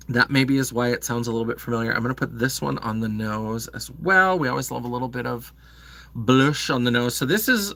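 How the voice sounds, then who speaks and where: A man's voice: medium pitch, bright, forceful tone, no room sound. A man hosting a live makeup stream, chatting casually with many fillers and answering viewers' comments. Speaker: livestream host. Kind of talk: casual makeup livestream chat.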